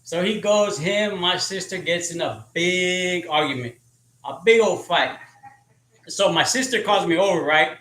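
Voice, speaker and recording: A man's voice: high-pitched, unhurried, a bit bright, reverberant. A man hosting a live stream, telling rambling, profane, joking stories about his sister. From California. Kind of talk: casual storytelling.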